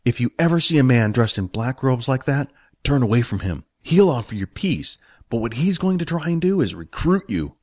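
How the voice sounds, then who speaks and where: A man doing Jack, a lively streetwise guide. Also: normal speed, dry recording, clean studio sound. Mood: reassuring. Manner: reassuring, lively, higher-pitched. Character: cheerful streetwise young male guide Jack.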